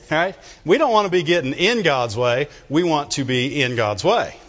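A middle-aged man preaches a sermon in an animated, joking way, his fairly high voice rising and falling widely as he calls for amens. He talks slowly, and his voice carries a long church-hall reverb on a dull, muffled recording. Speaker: pastor.

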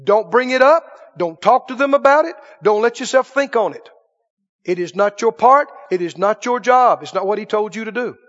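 A man pastors his congregation in an emphatic preaching style, often pausing to ask if they are with him. His voice sits high for a man. The recording is dull and muffled, with a long church reverb trailing behind him. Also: lively intonation, a bit bright. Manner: emphatic preaching with call-and-response questions. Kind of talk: sermon. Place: church sanctuary.

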